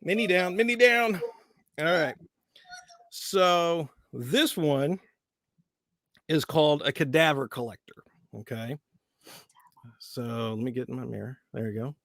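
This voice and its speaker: A man who is a voice-acting guest tells stories with lots of laughs and play. His voice is bright and gravelly and swings widely in pitch, and the sound is dry and close. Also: a little slow, pauses often, no echo. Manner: animated, laughing, playful storyteller. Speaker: voice actor guest. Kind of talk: casual interview chat.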